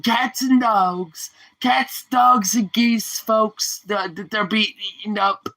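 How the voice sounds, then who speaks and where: A man's voice: high voice, fairly even intonation, sharp tone, pitched above the performer's own voice, heavily acted, rough recording. A man doing a mocking impression of a blustering older male politician giving a rambling rally speech, drawn out and repetitive. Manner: drawn-out, repetitive, mock-grand delivery.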